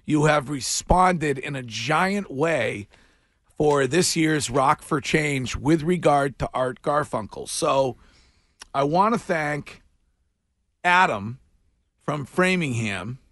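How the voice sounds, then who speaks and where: A man's voice: a little high, animated, slow, fairly bright tone, no echo, clean studio sound. A man hosting a morning radio show, chatting casually and jokily with lots of restarts. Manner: chatty, jokey, trailing fillers and restarts. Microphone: studio microphone.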